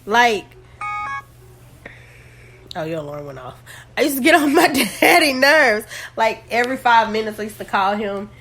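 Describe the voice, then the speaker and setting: A woman's voice: fairly high pitch, animated, normal speed, pauses often, a bit bright, slight background noise. A woman hosting a casual podcast who rambles and corrects herself, joking while holding back tears. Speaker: podcast host.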